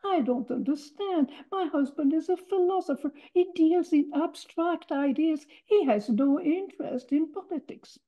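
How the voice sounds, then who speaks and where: A woman voicing her own mother, defiant and insistent as she confronts a Gestapo commandant, in a slow, measured telling. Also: high voice, voice pushed up. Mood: pleading. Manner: indignant, insistent. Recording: dull lo-fi recording.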